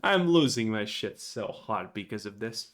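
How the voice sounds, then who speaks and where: A man's voice: fairly low pitch, lively intonation, moderate pace, a bit bright. A man giving ranting gameplay commentary, frustrated and profane. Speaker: gaming channel host.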